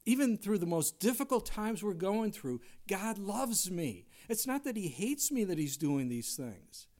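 A middle-aged man preaching a conversational sermon, dropping to hushed tones and rising into loud dramatic quotes. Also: sits high, big pitch swings, normal speed. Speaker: pastor.

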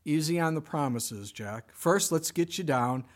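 God speaks with calm, dry humor, in an unhurried, matter-of-fact way, as a preacher voices him. The voice stays close to the man's ordinary speech. It sits a little higher than most men's. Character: calm, dryly wry male voice of God.

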